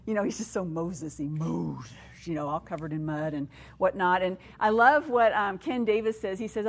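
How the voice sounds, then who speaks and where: A middle-aged woman speaking at a women's conference, telling her own story and teaching from the Bible in an animated way that acts out the people she quotes. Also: lowish voice, moderate pace, few pauses. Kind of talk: personal testimony and Bible teaching.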